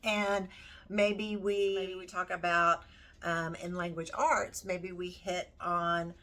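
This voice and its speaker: Slow, easygoing lower-voiced woman. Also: flat delivery, bright, forceful tone. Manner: unhurried, thinking aloud with many fillers. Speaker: homeschooling parent. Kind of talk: casual curriculum walkthrough.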